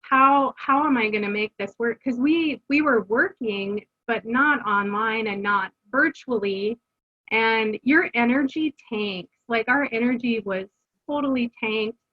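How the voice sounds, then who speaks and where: A middle-aged woman with a slightly high voice tells her story candidly as an interview guest. She speaks earnestly, full of fillers and restarts. The recording sounds dull and lo-fi. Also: a little slow. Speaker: guest, homeschooling mother.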